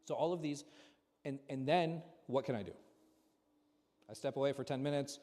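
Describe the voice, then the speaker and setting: A man's voice: medium pitch, moderate pace, mellow. Man teaching in an echoey hall. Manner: asks the audience rhetorical questions. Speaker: imam teaching a class. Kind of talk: conversational religious lesson. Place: large mosque hall. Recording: long hall reverb.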